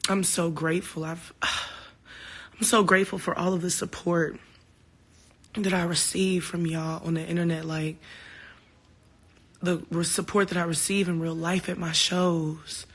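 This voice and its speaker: A woman's voice: on the low side, a little slow, long pauses, breathy edge. A woman talking to fans on a phone livestream, candid and heartfelt, swearing freely and telling stories with quoted back-and-forth. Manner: animated storytelling with quoted exchanges. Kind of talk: casual livestream talk. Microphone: phone camera.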